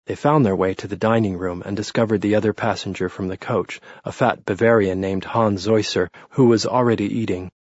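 Brief: steady male storyteller, dry close recording, low voice. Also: fairly quick, hardly any pauses, no room sound, dull audio. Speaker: audiobook narrator. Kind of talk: scripted narration.

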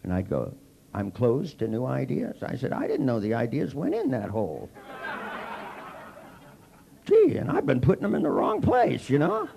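Older guy w gravelly voice doing wry comic stories, lively swoopy delivery, bit of hiss behind. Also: medium pitch. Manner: wry, mocking, acts out both sides of dialogues. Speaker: seminar speaker. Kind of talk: comic storytelling lecture.

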